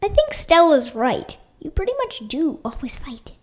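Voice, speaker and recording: A woman reads as a calm, clever girl who talks quietly and sensibly. Her pitch still rises and falls in a lively storybook reading. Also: normal speed. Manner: calm, reasoning.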